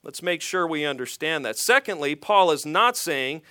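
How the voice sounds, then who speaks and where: A man's voice: a little high, lively intonation, normal speed, sharp tone, smooth, dry recording, clean studio sound. A man preaching a sermon as pastor, earnest and emphatic, reading scripture and then explaining it to his congregation.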